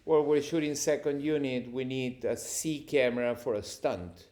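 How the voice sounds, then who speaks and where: A man, a cinematographer guest on a podcast, telling lively anecdotes with frequent laughter. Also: medium pitch, normal speed. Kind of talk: storytelling interview answers.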